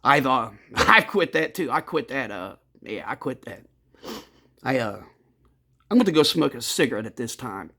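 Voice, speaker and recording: A man telling his own story in a casual, rambling and blunt way, cursing freely and addressing his listeners as gentlemen. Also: medium pitch, big pitch swings, moderate pace.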